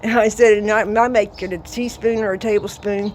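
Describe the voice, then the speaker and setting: A woman's voice: medium pitch, steady tone, fairly quick, a little mellow, slight background noise. Boisterous, salty woman in her sixties. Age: 60s. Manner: laughing, salty, boisterous storyteller. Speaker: vlogger. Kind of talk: casual storytelling. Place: outdoors at her home yard.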